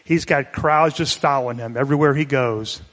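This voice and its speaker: A pastor giving a conversational, explanatory sermon, retelling a scripture story in plain everyday words. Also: male voice, medium pitch, moderate pace, fairly bright tone. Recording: long hall reverb.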